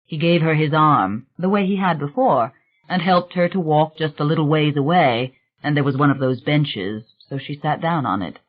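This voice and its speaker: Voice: mid-range voice, normal speed, muffled recording. An audiobook narrator reading a novel aloud in a conversational storytelling manner. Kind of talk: scripted narration.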